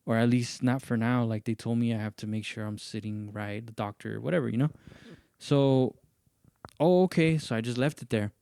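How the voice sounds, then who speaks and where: A man hosting a podcast, telling a story in casual chat and acting out what other people said in raised, animated voices. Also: mid-range voice, moderate pace, creaky, smooth. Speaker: podcast host.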